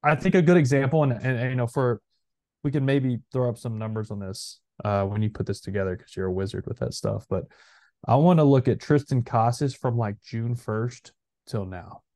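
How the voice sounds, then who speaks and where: Animated rambling man, mellow voice. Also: mid-range voice, normal speed, no echo, studio quality. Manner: animated, rambling, lots of fillers. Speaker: podcast co-host, former player. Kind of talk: casual chat.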